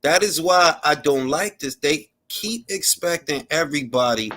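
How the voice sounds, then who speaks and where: A man's voice: fairly high pitch, animated, normal speed, sharp tone. A man from the Dominican Republic hosting a casual panel chat, giving blunt, profane opinions and slipping into Spanish phrases. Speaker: host.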